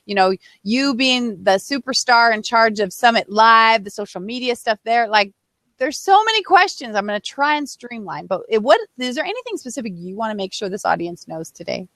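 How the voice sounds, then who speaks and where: Bubbly, lively woman host, dry sound. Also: a little high, no room sound. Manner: effusive, emotional, quick to laugh. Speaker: show host. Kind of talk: casual interview chat.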